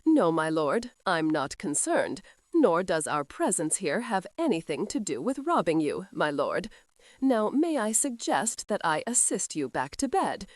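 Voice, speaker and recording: A woman narrator voicing a calm male manservant who speaks softly and deferentially. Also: lowish voice, measured pace, no room sound. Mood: gentle. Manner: soft, deferential, soothing.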